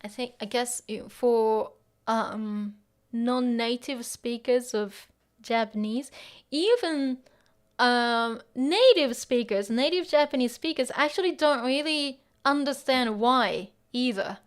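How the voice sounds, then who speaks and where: A woman gives a relaxed Japanese lesson, switching between English explanations and Japanese phrases. Her voice sits a little high, and she fills her speech with ums and easy laughs. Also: slow pace, clean tone. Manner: laughs often while explaining. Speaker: Japanese teacher. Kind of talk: casual language lesson.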